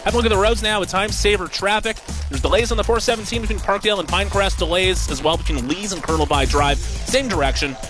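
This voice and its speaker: A man giving a radio traffic and weather report, brisk and steady. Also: high-pitched, over music. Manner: brisk, rattling off road updates.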